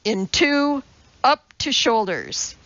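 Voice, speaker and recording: A woman's voice: on the high side, very animated, slow pace, fairly bright tone, dry recording, lo-fi sound, heavily acted. A woman voicing a short, fierce male rowing coxswain who snarls and barks commands in a storybook reading. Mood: barking orders.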